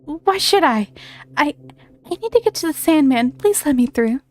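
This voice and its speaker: A woman's voice: high-pitched, expressive, normal speed. A woman reading the lines of a blunt, skeptical young girl in a video game. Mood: pleading.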